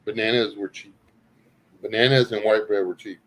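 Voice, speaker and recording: A man's voice: on the low side, steady tone, normal speed, rough recording. A middle-aged man from Louisiana with a Southern accent, hosting a casual chat and telling rambling, folksy stories with frequent laughter. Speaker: host.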